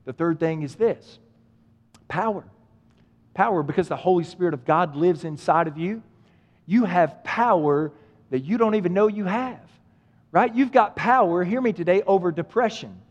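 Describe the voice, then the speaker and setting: High-voiced preacher in a reverberant hall. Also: male voice, moderate pace, muffled recording. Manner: preaching with emphatic repetition and direct address. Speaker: pastor. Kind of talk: sermon.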